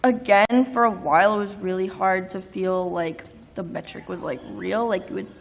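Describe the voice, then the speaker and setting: A woman's voice: medium pitch, steady tone, normal speed, vocal fry. A young woman on a convention panel, giggly and rambling as she answers. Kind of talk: panel talk. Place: convention stage.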